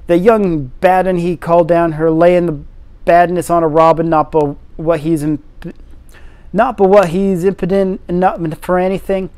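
Gruff shaky old gardener, broad dialect, voiced by a male reader. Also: high voice, level tone, normal speed, darkish tone, close to an everyday voice. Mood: outraged. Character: gruff old Yorkshire gardener, outraged then moved.

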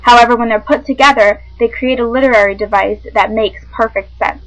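A woman's voice: a little high, steady tone, low-quality recording. Woman reading a literature lesson. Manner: clear, measured classroom delivery with small slips. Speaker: teacher. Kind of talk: reading a lesson script aloud.

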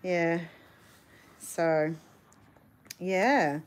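Drawing out her words in a lowish voice, a female vlog host runs a family live stream, chatting easily, reading comments from viewers, and laughing readily.

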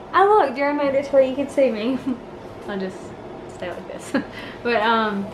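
A woman's voice: a little high, slow pace, noisy background. A woman, a new mother, chatting casually in a home vlog, tired and affectionate as she talks. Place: home living room.

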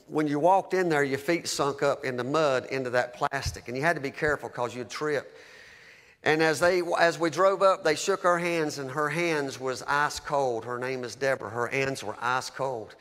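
A man's voice: mid-range voice, a bit bright, big-room sound. A man preaching, telling a heartfelt story as testimony, with a fervent, emotional delivery. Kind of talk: sermon testimony.

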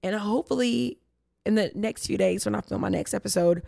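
Young woman, podcast host, hoarse and raspy, gravelly, tired low energy, rambling chatty talk, dry close sound. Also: brisk, warm tone, no echo. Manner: chatty, rambling with tangents and restarts. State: hoarse from losing her voice. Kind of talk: casual faith Q&A podcast.

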